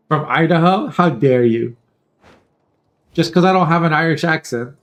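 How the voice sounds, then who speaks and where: A man with a somewhat high voice gives loose, joking commentary on a card game tournament. He rambles between plays and often clears his throat. He speaks close into a headset mic. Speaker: tournament caster. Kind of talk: casual live game commentary.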